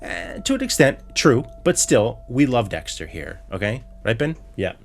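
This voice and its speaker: A man's voice: mid-range voice, very animated, moderate pace. A man co-hosting a podcast, recapping a show in a profane, exasperated rant full of restarts. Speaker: podcast co-host.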